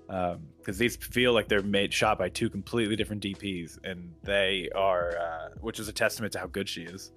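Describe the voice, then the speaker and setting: A man co-hosting a casual film review chat, talking in a relaxed, rambling way. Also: lowish voice. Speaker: podcast co-host.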